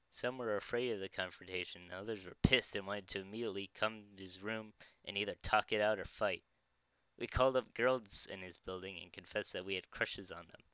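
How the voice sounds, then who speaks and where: Guy reading his own story, amused, clear bright voice, dry sound. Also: on the low side, no room sound, poor audio. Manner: amused, with slips and chuckles. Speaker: narrator. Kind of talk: first-person story reading.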